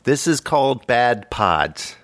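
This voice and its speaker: A man's voice: mid-range voice, big pitch swings, slow, a bit bright, no echo. A man hosting a comedy podcast, trading playful jokes and teasing in casual banter. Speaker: podcast host.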